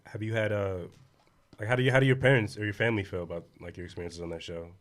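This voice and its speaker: A male podcast host puts long, searching questions to his guest. He talks quickly, and his voice sits a little low. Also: fairly even intonation, fairly bright tone. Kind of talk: interview questions.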